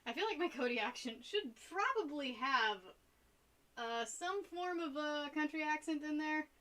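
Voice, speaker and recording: Bright-voiced chatty young woman streamer. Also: high-pitched, animated, a little slow. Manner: rambling, chatty, giggly. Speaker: art streamer. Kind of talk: casual live-stream chat while painting.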